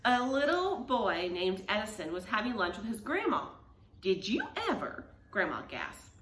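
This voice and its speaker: A woman reading a picture book aloud to children, animated and asking them questions. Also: mid-range voice, normal speed, reverberant, a little hiss or hum. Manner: animated, asks the listeners questions. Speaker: reader to children.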